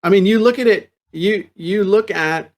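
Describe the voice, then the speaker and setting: Animated storytelling man, podcast host. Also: high voice, normal speed. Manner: animated storyteller who repeats words and restarts; laughs easily and jokes. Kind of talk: casual chat.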